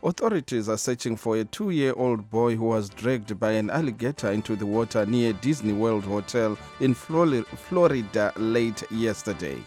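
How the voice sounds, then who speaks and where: Male news anchor, low voice, scripted reading, faint music behind. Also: expressive, a little mellow. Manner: measured, formal, occasional "uh" before a segment.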